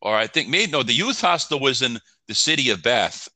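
A man in his fifties chatting casually and recalling things in a relaxed, halting way. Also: medium pitch, no room sound. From United States. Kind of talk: casual conversation.

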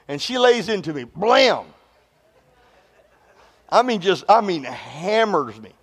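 A male pastor with a drawl and a high voice. He preaches in a call-and-response way, teasing the congregation with humorous stories and calling for them to answer back. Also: sing-song, slow, long pauses, a bit bright, breathy edge, in a large hall. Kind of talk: sermon.

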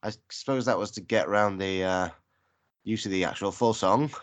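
A man's voice: on the low side, normal speed. A man making dry, wry comments in a casual chat about a film. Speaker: film podcast co-host.

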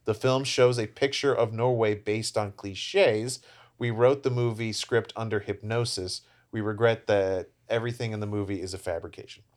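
A man's voice: on the low side, steady tone, moderate pace. A man co-hosting a casual film podcast, rambling through points and acting out characters' lines. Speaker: podcast co-host.

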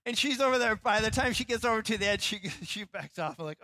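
Male pastor, middle-aged, preaching; bright, forward tone, dry close sound. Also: high-pitched, fast, hardly any pauses, no room sound, low-quality recording. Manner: storytelling, animated, acts out quotes. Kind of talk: sermon.

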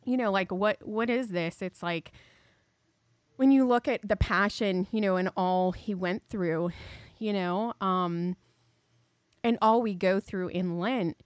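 A woman's voice: mid-range voice, takes it slowly, smooth, no echo, studio quality. Chatty, slightly breathless woman. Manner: chatty, rambling, filler-heavy, laughs often. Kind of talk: casual faith chat.

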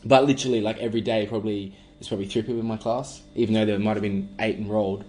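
A man's voice: lowish voice, fairly even intonation, very fast, mellow, slight background noise. A young Australian man from Western Australia, a podcast guest chatting casually, rambling and swearing freely. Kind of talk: casual chat.

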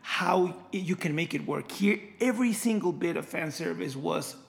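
A man's voice: on the high side, moderate pace, vocal fry. A man in casual conversation about a film, enthusiastic and often repeating words as he talks. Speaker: movie fan discussing a film. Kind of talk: casual chat.

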